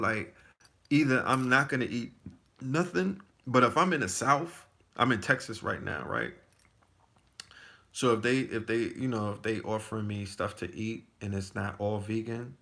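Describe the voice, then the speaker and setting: A man's voice: medium pitch, vocal fry, sharp tone. A man in his forties telling stories in a loose, profane casual chat, full of restarts. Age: 40s. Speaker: podcast guest. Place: Texas.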